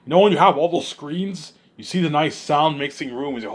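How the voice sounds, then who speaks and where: A man rambling in an excited monologue, often repeating himself and restarting his sentences. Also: fairly high pitch, moderate pace. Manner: excitable, repeats himself, puts on voices of others. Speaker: vlogger.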